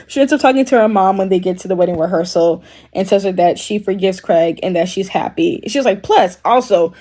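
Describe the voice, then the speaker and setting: A young commentary host with a mellow, medium-pitched voice goes over a TV series at normal speed. She rambles casually with plenty of "like" and "um," laughing as she parodies lines from the characters.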